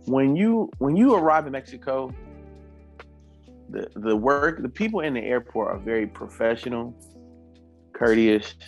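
Gravelly-voiced man telling a funny story. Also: medium pitch, measured pace, long pauses, highs cut off, soft background music. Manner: animated, laughing, acts out quotes, swears freely. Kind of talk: casual storytelling chat.

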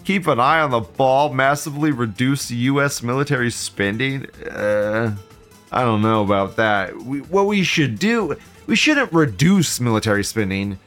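An American man hosting a casual commentary show, crude and sarcastic, swearing and jumping between mumbled asides and loud outbursts. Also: medium pitch, lively intonation, measured pace, faint music behind. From United States. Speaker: show host.

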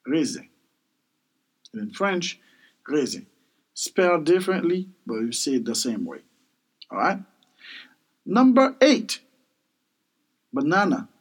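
A man hosting a podcast language lesson, repeating each word several times in a slow, animated way. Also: high-pitched, poor audio. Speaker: language teacher, podcast host. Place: Miami.

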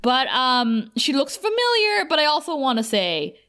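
A woman's voice: high voice, sing-song, normal speed, pushed and bright, smooth. A woman co-hosting a podcast, retelling a TV episode in casual chat and quoting the characters as she goes. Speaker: podcast co-host.

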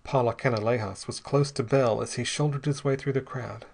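A man with a middle-pitched voice reads a story aloud as narrator. His delivery is steady and dramatic, with scripted pacing. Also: a little fast, creaky.

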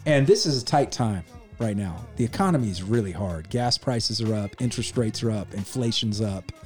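A man's voice: fairly low pitch, expressive, moderate pace, darkish tone, soft background music. A middle-aged man, a radio DJ, telling a personal story in casual chat, earnest and emphatic, swearing now and then. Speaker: radio DJ and podcast host.

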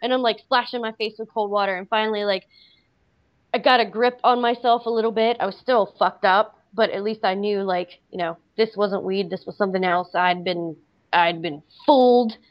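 A woman's voice: mid-range voice, moderate pace. A woman casually telling a personal story, rambling with many "like" fillers. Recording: slightly dull lo-fi audio.

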